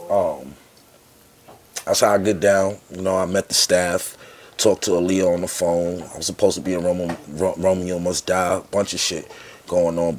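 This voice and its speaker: A man's voice: sits low, a little hiss or hum. A man in his forties from Harlem with a New York accent, a podcast guest telling stories casually and acting out the people he quotes. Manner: animated, acts out quoted people with raised voice. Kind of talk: casual storytelling.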